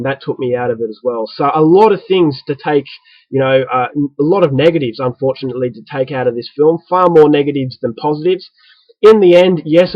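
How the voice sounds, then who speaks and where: A man with an Australian accent giving an opinionated, casual spoken film review, often pausing on fillers and restarting his sentences. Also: mid-range voice, dry recording, highs cut off.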